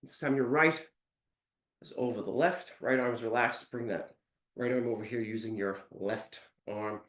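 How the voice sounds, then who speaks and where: A male fitness instructor leading a live workout class, counting reps aloud and giving calm step-by-step cues while out of breath. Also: medium pitch, normal speed, roomy sound.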